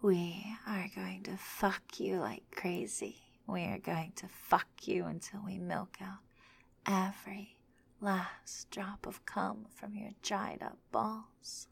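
Breathy whispering temptress, as a woman puts her on. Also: medium pitch, slow, voice pushed up, full character voice. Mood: sultry whisper. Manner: teasing, commanding whisper. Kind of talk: whispered role-play.

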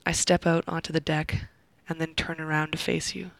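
Gravelly-voiced woman narrating intimately. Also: deep voice, flat delivery, normal speed, no echo, poor audio. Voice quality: heavy vocal fry. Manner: intimate, slipping into soft whispers. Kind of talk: first-person erotic audio story narration.

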